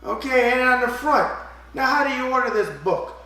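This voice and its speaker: A man with a New York accent and a raspy voice, hosting a boxing mailbag show in a brash, streetwise manner full of catchphrases. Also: very high-pitched, normal speed, pushed and bright. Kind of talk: casual boxing mailbag talk.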